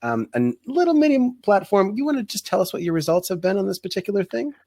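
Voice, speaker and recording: A man's voice: high voice, big pitch swings, quick pace, mellow. A man hosting an interview podcast, affirming his guest and addressing listeners directly. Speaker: podcast host.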